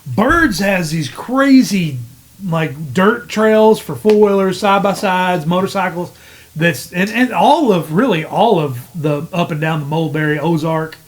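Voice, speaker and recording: A man's voice: high-pitched, a little slow. A man rambling through stories in a casual podcast chat. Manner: rambling, laid-back storyteller. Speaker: podcast host.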